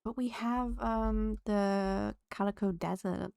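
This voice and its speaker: A woman's voice: mid-range voice, fairly even intonation, slow, gravelly, dark tone, clear, resonant tone, dry recording. A woman streaming a farming game, chatting casually with her viewers and laughing often. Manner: chatty, giggly, talks to chat and the game. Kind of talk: casual live-stream chat while playing.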